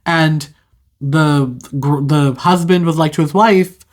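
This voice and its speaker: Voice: medium pitch, fairly even intonation, slow pace. Chatty, rambling casual storyteller. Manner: rambling, chatty, with asides and self-corrections. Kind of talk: casual retelling of a fairy tale.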